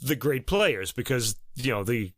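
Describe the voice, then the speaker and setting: Chatty podcast host, thinking aloud. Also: male voice, medium pitch, lively intonation, a little slow, no echo. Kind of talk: casual chat about recordings.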